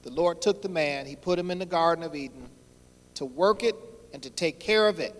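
A man preaching a sermon, repeating phrases and swelling louder on his key points, with a folksy way of addressing the congregation. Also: fairly high pitch, a little fast. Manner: folksy, addresses crowd as y'all. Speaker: pastor. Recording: long hall reverb.

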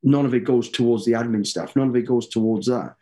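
A middle-aged man, a guest in an interview, telling stories in a lively way, swearing freely and acting out what people said. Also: mid-range voice, brisk. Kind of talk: casual interview storytelling.

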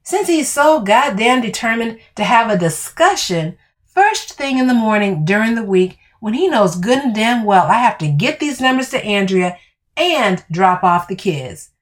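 A woman with a fairly high voice narrating a first-person story. She reads with dramatic heat and a lot of profanity, leaning hard into the drama of each line. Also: very animated, measured pace. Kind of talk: first-person audio fiction reading.

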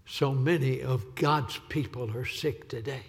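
A visiting evangelist preaches an impassioned sermon in a church sanctuary, pleading through repetition. His medium-pitched voice is unhurried with vocal fry, and the hall's reverb fills the recording.

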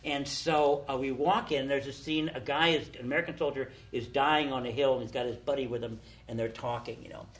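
An older man telling casual anecdotes, animated, acting out the people he quotes. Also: mid-range voice, a little fast, few pauses. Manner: animated storyteller, acts out quotes. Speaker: storyteller guest.

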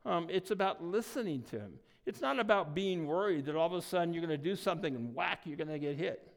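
A man preaching a sermon in a conversational way, often pausing with "um" and checking in with "right?". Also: fairly high pitch, expressive, vocal fry. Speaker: pastor.

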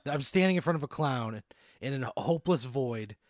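A man playing along in an improvised comic story, with incredulous, profane deadpan reactions. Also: mid-range voice, normal speed, dry recording, clean studio sound. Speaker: player. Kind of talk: improvised comedic play.

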